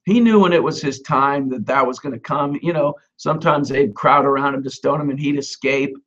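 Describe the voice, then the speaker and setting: A man's voice: medium pitch, a little fast, fairly bright tone, lo-fi sound. A man, a messianic rabbi, preaching a conversational sermon and stressing repeated Hebrew words. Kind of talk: sermon teaching on scripture.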